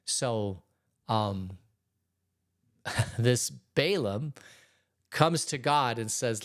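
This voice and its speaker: A man's voice: mid-range voice, slow pace, pauses often. Pastor guy talking through a bible story, laid back, laughs a lot, normal mid voice. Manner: relaxed, chuckles often, retells scripture in plain words. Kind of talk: conversational Bible teaching. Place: church.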